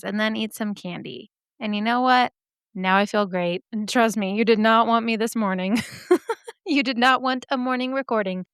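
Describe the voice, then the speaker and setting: A woman's voice: on the high side, fairly bright tone, smooth, dry recording, clean studio sound. A young woman hosting a podcast, chatting casually in a gushing way that swears freely, her voice a little scratchy today. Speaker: podcast host. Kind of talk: casual chat.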